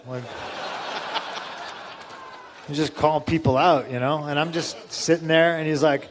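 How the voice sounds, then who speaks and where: Profane, animated male storyteller. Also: a little high, unhurried, pauses often, noisy background. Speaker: guest. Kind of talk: casual storytelling on a convention panel.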